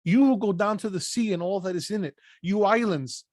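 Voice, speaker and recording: Man, Bible study teacher, high voice, dry close sound, reads scripture then adds punchy asides. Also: a little fast, darkish tone, no room sound. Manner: reads passages aloud, then breaks in with short emphatic asides. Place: lives in Pennsylvania.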